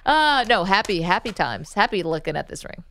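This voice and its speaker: A woman's voice: mid-range voice, sing-song, moderate pace, a bit bright, no room sound. A woman hosting a sports talk radio show, playful and opinionated in casual banter. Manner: playful, opinionated, laughs easily.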